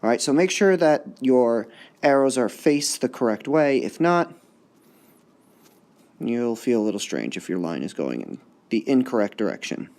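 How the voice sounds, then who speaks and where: A man teaching a recorded high school lesson, sounding out words slowly and exaggerating the stress. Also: big pitch swings, a little mellow.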